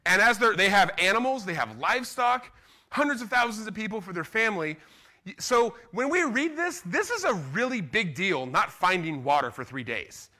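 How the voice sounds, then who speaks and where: A middle-aged man, preaching a sermon in an animated, conversational way and acting out what people say. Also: sits high, moderate pace. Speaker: pastor.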